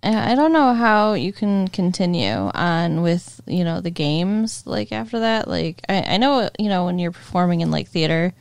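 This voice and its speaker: A woman co-hosting a casual podcast, chatty and reactive and quick to laugh. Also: fairly low pitch, lively intonation, creaky, clean tone, no room sound. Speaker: podcast co-host.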